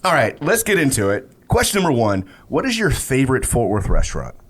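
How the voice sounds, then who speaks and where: A man's voice: medium pitch, huge pitch swings, brisk, a bit bright. A man hosting a podcast in a studio, asking the guest questions in a loose, joking way. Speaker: podcast host. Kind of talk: casual chat.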